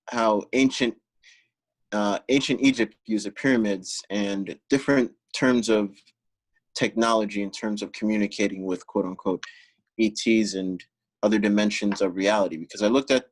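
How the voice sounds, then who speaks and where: A man's voice: on the low side, rough recording. A man chatting as a guest, musing hesitantly with many fillers and restarts. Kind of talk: casual group chat.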